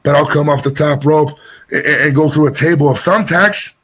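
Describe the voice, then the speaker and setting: Husky man telling a rambling story. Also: fairly high pitch, fairly bright tone. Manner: rambling, sidetracked, fast bursts with restarts. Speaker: wrestler guest. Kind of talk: casual interview storytelling.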